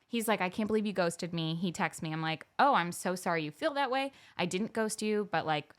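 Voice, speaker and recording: A young woman co-hosting a casual podcast tells a dating story with lively, animated energy, slipping into the voices of the people she quotes. Her voice is lowish and she talks a little fast.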